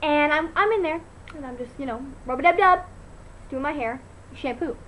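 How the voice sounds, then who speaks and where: A teenage girl vlogging at home into her laptop, telling a story in an animated, chatty way full of "like" and fillers. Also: high-pitched, a little fast, a little hiss or hum, low-quality recording. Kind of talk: casual chat to camera. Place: at home, indoors.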